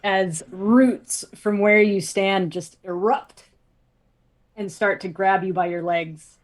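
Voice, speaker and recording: A woman running a tabletop game as game master, brisk and matter-of-fact about the rules. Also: mid-range voice, fairly even intonation.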